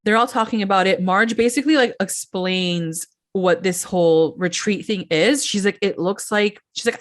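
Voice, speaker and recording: A woman co-hosting a podcast recaps reality TV in a casual, chatty way, acting out quotes, laughing often, and saying "like" a lot. Her voice is medium-pitched, at normal speed with few pauses.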